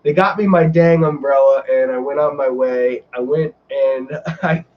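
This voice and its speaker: A man hosting a casual live stream, telling a story in an animated, rambling way with many fillers. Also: medium pitch, unhurried, lo-fi sound. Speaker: vlogger host.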